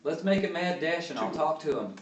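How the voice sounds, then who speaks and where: Man, tabletop player, slightly high voice, playful, roomy echo. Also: lively intonation, a little fast, far from the mic, a little hiss or hum. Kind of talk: casual tabletop play.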